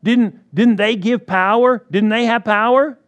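High-voiced man preaching a sermon. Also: fairly even intonation, unhurried, fairly bright tone. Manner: emphatic, repeats phrases, asks the congregation for agreement.

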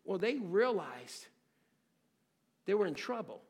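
A high-voiced man preaching with wide, lively swings of pitch. He throws rhetorical questions at the congregation and moves from ringing exclamations to near-hushed lines. His voice carries a long reverb, as in a large hall. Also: slow pace, gravelly, breathy edge. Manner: dramatic, swings between loud exclamations and near-hushed phrases; asks the listeners rhetorical questions. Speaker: pastor. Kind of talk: expository sermon.

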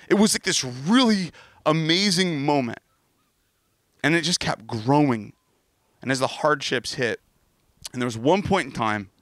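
Middle-aged male pastor, bright voice, dry close sound, candid storytelling sermon. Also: mid-range voice, no echo. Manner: earnest, candid, storytelling with self-deprecating asides.

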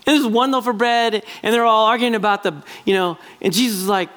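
A man preaching a sermon as pastor, animated and acting out little quoted voices as he talks. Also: sits high, brisk.

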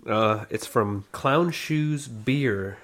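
A man's voice: medium pitch, extremely slow, fairly bright tone. A man co-hosting a casual podcast, joking and complaining with a wry edge. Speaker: podcast co-host. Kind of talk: casual chat.

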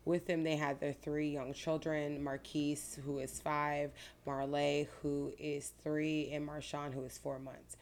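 Low-voiced woman lawyer from Florida. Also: vocal fry. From Pinellas County, Florida. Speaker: guest attorney. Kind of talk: interview answers.

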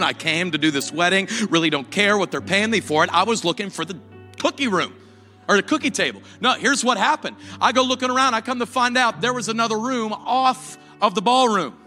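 A man's voice: on the high side, sharp tone, big-room sound. A man preaching a sermon, telling a joking story that builds into fervent preaching. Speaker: pastor.

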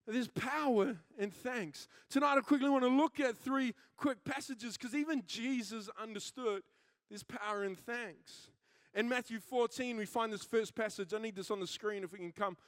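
High-voiced animated preacher. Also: male voice, no room sound, studio quality. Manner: animated storytelling, acting out quoted characters. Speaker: pastor. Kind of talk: sermon.

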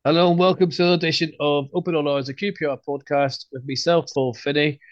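A man's voice: a little high, steady tone, quick pace, highs cut off, background noise. A man hosting a casual podcast, teasing his guests with joking banter over a video call. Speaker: podcast host.

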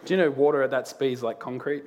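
A man preaching a sermon in a church, a lively storyteller who laughs through his anecdotes. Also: mid-range voice, quick pace, noisy background. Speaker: pastor. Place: church auditorium.

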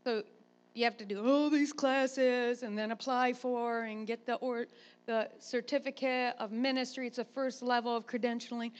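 A woman pastor, a grandmother, preaching a sermon and telling a chatty, animated personal story. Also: a little high, normal speed, highs cut off.

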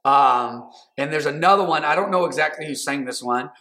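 A man in his thirties delivers a sermon with a bright, forward tone. He slips between loose, chatty asides and punchy, repeated lines that rise with emphasis. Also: a little high, brisk. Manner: conversational, builds to emphatic repeated phrases. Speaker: pastor.

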